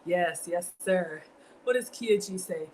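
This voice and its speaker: A woman's voice: on the low side, slow, darkish tone, slight background noise, rough recording. A woman, cooking at home on a livestream, chatting and thanking her viewers. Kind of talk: casual livestream cooking chat. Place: home kitchen.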